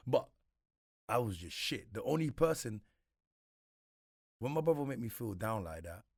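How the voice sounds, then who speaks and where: A man's voice: mid-range voice, sing-song, moderate pace, no echo, studio quality. A man, a guest in a casual interview, talking reflectively with slang and frequent repeats. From Congo.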